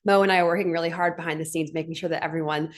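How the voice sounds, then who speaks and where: A woman's voice: low-pitched, steady tone, very fast. A woman hosting a live stream for her business community, speaking in a gushing, heartfelt way with frequent "like" fillers. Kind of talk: emotional motivational live stream. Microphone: webcam on a live stream.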